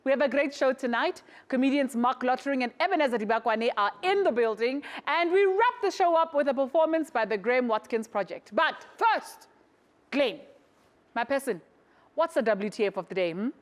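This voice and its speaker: A woman hosts a late-night comedy show, her voice high and bouncing all over the place. She teases and jokes in quick, playful banter. It sounds like a TV studio with a live audience. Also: animated. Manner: cheeky, joking, teasing banter. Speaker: talk show host.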